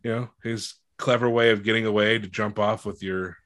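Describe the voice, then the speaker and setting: Blunt low-voiced man, dry close sound. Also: steady tone, moderate pace, a bit bright, no echo. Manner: blunt, swears freely, trails off into mumbling. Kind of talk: casual chat about a movie.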